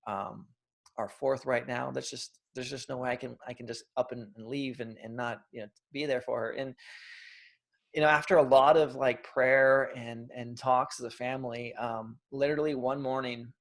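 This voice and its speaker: A man in his thirties, an interview guest, telling his own story in a lively, animated way and acting out the quotes. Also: mid-range voice, normal speed, gravelly. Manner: animated storyteller, acts out quotes, frequent restarts.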